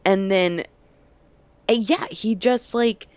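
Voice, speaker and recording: A young woman co-hosting a podcast in casual chat, animated and full of fillers and quick asides. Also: mid-range voice, clear, resonant tone, dry recording. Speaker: podcast co-host.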